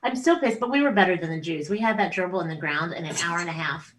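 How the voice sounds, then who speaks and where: A middle-aged woman, a comedian guest, telling a family story in casual podcast chat, animated, swearing freely and acting out voices. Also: on the low side, fast, distant mic, a little hiss or hum, low-quality recording.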